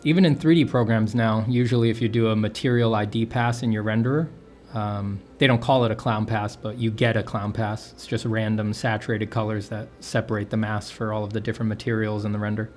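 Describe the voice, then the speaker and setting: A man's voice: on the low side, steady tone, fairly quick, darkish tone, a little hiss or hum. A man chatting casually as he teaches inking and coloring on a livestream, rambling and correcting himself mid-sentence. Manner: rambling, self-correcting, jokey. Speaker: artist streaming a drawing session.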